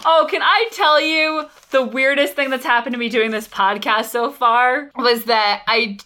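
A woman's voice: high voice, unhurried. A woman hosting a podcast, telling stories in casual chat with frequent laughter. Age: adult with a child. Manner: laughing, animated storytelling. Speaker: podcast host.

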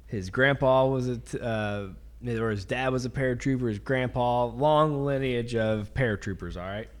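A man's voice: medium pitch, normal speed. A man hosting a podcast, chatting casually and telling a long joke in a laid-back storytelling way. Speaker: podcast host.

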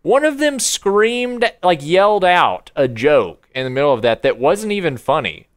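A young man with a smooth, clear voice that sits a little high for a man. He tells stories in an animated way in a relaxed chat and laughs often. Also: normal speed. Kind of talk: casual chat.

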